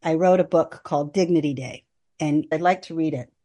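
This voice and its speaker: Low-voiced woman, earnest and measured. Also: dark tone. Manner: earnest and measured, reads with long list-like pauses. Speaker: hospice nurse and end-of-life doula, podcast guest. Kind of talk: podcast interview, partly reading from her book.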